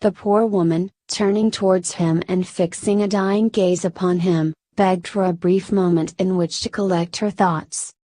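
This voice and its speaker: Dry, steady woman storyteller. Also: lowish voice, unhurried, few pauses, no room sound. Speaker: narrator. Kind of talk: storybook reading.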